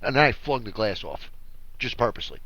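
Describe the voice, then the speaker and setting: A man's voice: medium pitch, fairly quick, no echo, muffled recording. A man co-hosting a podcast, chatting casually and acting out his family members as he tells stories. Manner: animated storyteller, acts out family members. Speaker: podcast co-host. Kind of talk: casual chat.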